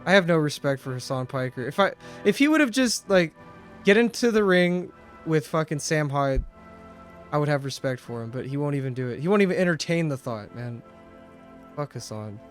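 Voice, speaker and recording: A man's voice: on the high side, lively intonation, moderate pace. A man streaming a game, chatting casually, swearing a lot and ranting animatedly with laughs. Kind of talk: casual live-stream commentary. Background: game music.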